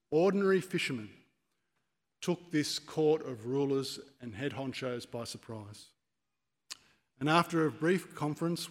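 A man preaching a sermon, telling stories and acting out quoted speeches with rising force. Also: medium pitch. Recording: long church reverb.

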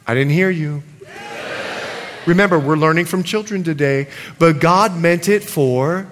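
A male pastor preaching a sermon in a church, animated and playful with his audience. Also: fairly high pitch, measured pace. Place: church sanctuary. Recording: long hall reverb, congregation audible. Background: congregation.

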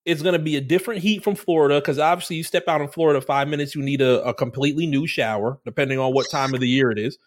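A man co-hosting a podcast, chatting loosely and swearing freely. His voice sits a little high for a man. When he quotes someone, he drops into a much deeper tone. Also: quick pace, few pauses. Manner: loose and profane, acts out quoted voices deep and low. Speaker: podcast co-host. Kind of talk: casual chat.

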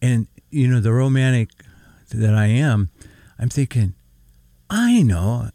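A man's voice: medium pitch, a little slow, dry recording, clean studio sound. A middle-aged man co-hosting a casual Christian radio talk show, laughing easily and reading Scripture aloud. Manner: lively, laughs often, reads Scripture aloud. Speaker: co-host.

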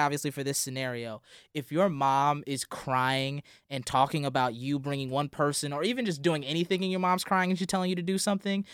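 A man's voice: fairly high pitch, clean tone, no echo, clean studio sound. A young man co-hosting a casual podcast, emphatic and speeding up as he argues. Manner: emphatic, fast when excited. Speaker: podcast co-host. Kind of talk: casual chat.

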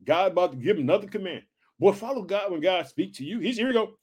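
A man reading scripture aloud and breaking off into fervent, exclamatory preaching, swinging between loud bursts and soft asides. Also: high voice, animated, fast, breathy edge. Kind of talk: Bible reading with fervent commentary.

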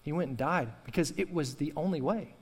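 Man, pastor, sermon, passionate, repetitive emphasis, higher voice, big hall reverb. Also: a little fast, slightly rough. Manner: impassioned preaching with repetition and call-and-response.

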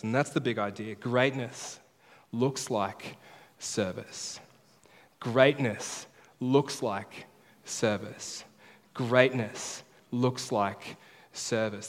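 A male pastor preaching a sermon, emphatic and repeating his key phrases slowly. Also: medium pitch. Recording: preaching in a large reverberant hall.

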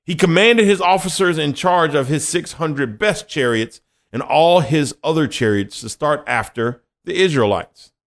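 A man's voice: fairly high pitch, expressive, measured pace. A young adult man preaching a conversational sermon and reading scripture, acting out quoted voices as he goes.

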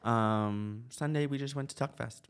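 A podcast co-host tells a story in casual chat, animated and full of fillers. His voice is medium-pitched and smooth, delivered at a measured pace.

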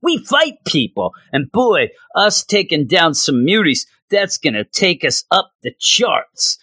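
These are dim-witted male cyberpunk fighters bragging about how tough they are, as a man puts on their voice. The delivery is dumb and boastful, raised in pitch, and very animated. The sound is dry. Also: slow, slightly rough, no room sound, exaggerated voice.

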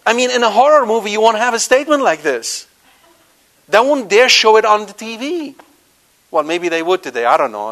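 This Catholic preacher's voice sits high as he speaks to a live congregation. Animated, he keeps questioning the audience, his volume shifting between forceful emphasis and quiet asides.

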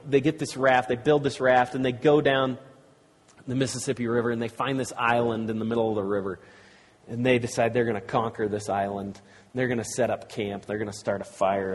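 Husky-voiced male preacher in a big hall. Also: medium pitch, a little mellow. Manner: conversational, with restarts and asides to the audience. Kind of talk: sermon with storybook reading. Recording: long reverb of a large hall.

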